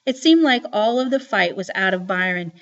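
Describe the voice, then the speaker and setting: A woman reading a novel aloud as audiobook narration, with lively storytelling. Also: mid-range voice, moderate pace, muffled recording.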